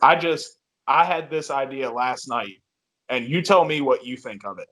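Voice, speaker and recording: A man's voice: mid-range voice, normal speed, a bit bright. A man co-hosting a casual sports podcast, laid-back and agreeable, often answering with a simple yep. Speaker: podcast co-host.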